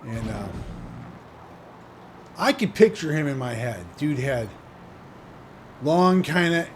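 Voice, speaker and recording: With race car engines and game audio humming in the background, a man hosts a casual let's-play, his voice on the high side. He talks slowly but animatedly, drifting around and interrupting himself as he goes.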